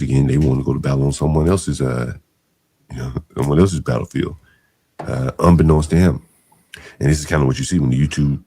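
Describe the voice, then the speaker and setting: A man with an extremely deep voice, gravelly and husky, giving commentary on a live stream. He sounds mocking and incredulous, and his pitch swings widely as he talks. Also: warm tone.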